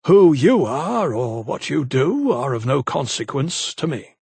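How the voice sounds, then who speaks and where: A man's voice: medium pitch, very animated, a little slow, creaky, darkish tone, breathy edge, no room sound, exaggerated voice. A man voicing a stiffly formal little notary who is easily affronted. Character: prim, supercilious little male notary.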